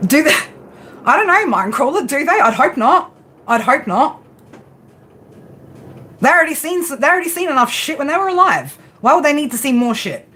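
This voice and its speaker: A fast-talking tarot and spiritual reader with a high, slightly bright voice rants unscripted during her livestream. She's very animated, swearing freely, combative, and constantly asking rhetorical questions with "right?".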